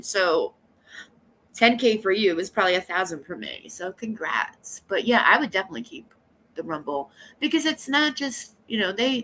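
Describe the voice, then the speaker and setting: A woman's voice: medium pitch, bright, forceful tone, slight background noise. A woman live streamer chatting casually with her viewers, rambling and blunt, coughing now and then from allergies. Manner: rambling, blunt and gossipy, talking straight to chat.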